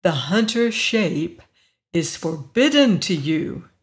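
Stiff angry alien pilot, read by the narrator, slow and stern. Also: mid-range voice, animated, close to an everyday voice. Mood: indignant. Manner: stern, indignant. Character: proud dutiful alien pilot, rigid and angry.

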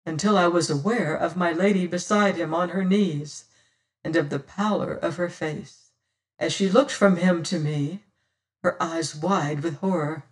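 A narrator giving a dramatic first-person audiobook reading, swelling loud on exclamations and going hushed in quiet passages, recorded on a distant mic. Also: medium pitch, unhurried.

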